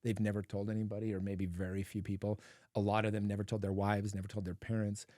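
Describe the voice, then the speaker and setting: Earnest low-voiced man telling stories. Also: level tone, quick pace, dark tone, no room sound, studio quality. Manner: earnest, storytelling, frequent "like" fillers. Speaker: podcast guest, men's coach. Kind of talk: casual podcast conversation.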